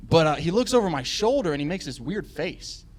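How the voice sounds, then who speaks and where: A man's voice: a little high, fairly quick. A man telling a funny story on a live podcast, acting out the voices of the people in it. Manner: animated, acts out quoted voices. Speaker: guest storyteller.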